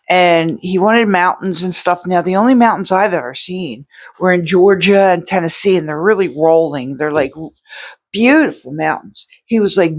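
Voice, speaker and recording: Rambling artist vlogging from a home studio. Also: mid-range voice. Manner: rambling, self-interrupting, lots of restarts and fillers. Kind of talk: casual vlog talk. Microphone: separate microphone.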